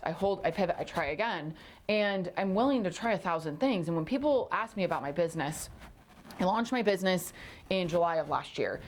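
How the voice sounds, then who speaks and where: Emphatic woman podcast host. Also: medium pitch. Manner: emphatic, repeats phrases for punch. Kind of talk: motivational solo podcast talk.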